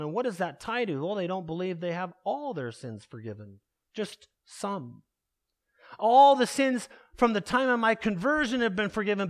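Man, high voice, pastor preaching, emphatic, rhetorical questions. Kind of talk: sermon.

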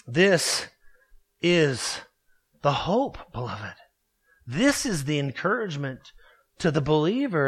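A man preaching a sermon in an emphatic, measured way, leaning on key words. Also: high-pitched, a bit bright. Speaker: pastor.

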